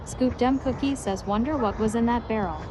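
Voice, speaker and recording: A text-to-speech woman's voice reading viewer messages aloud, announcing each username in a flat, even cadence over a noisy recording. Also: a little high, a little fast. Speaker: text-to-speech chat reader.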